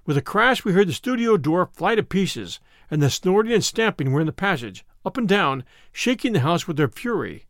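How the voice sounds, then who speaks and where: Man reading a spooky old story, lively rise and fall, higher voice, dead dry recording. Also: moderate pace, hardly any pauses, no echo. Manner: expressive, vivid storytelling. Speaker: narrator. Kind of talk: dramatic audiobook narration.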